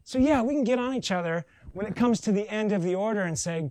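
A man preaching a conversational sermon, joking and animated, with silly voices in his asides. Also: high voice, fast, no echo, rough recording. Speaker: pastor.

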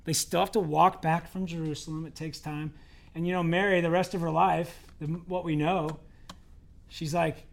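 A man's voice: fairly high pitch, level tone, moderate pace, creaky. A male pastor preaching a conversational sermon, asking the congregation questions and acting out quoted voices.

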